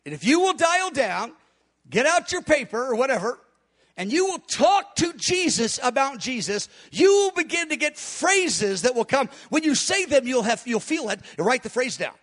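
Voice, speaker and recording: High-pitched guy preaching, fast hard talker, really emphatic. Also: fairly bright tone. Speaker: preacher teaching on prayer. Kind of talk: sermon-style teaching.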